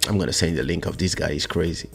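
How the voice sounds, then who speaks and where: A man hosting a podcast, chatting casually as an animated storyteller who laughs often. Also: low voice, fast talker, vocal fry, husky, faint music behind. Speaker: podcast host. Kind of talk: casual chat.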